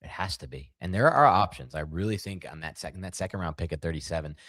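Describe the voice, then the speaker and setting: A man co-hosting a casual sports podcast, talking in an animated, rambling way with jokey asides. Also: low-pitched, fast, no echo. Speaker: podcast co-host.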